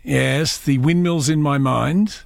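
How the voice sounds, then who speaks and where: A playful radio host, a man, chats with a guest in a high, gravelly voice that leaps around, and he keeps slipping into bits of old songs. The sound is close and dry. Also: takes it slowly, no echo. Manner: playful, sings snatches of songs. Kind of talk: casual chat.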